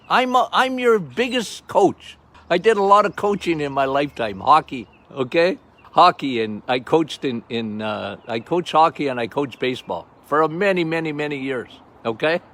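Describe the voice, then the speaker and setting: Loud, passionate older man. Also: sits high. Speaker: health podcast host, doctor. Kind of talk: casual monologue.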